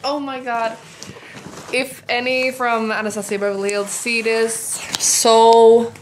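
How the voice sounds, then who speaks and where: Giggly, slow-talking young woman vlogger. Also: on the high side, level tone, slight background noise. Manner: gushing, giggly, lots of fillers. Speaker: beauty vlogger. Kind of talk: excited unboxing vlog.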